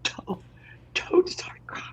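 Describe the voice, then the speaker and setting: A man's voice: slow pace, whispered, natural voice, low-quality recording. An actor playing a flustered married man with a brood of children, stammering and repeating himself as he urgently pleads in an improv scene on stage. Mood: pleading. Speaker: improv performer. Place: theater stage.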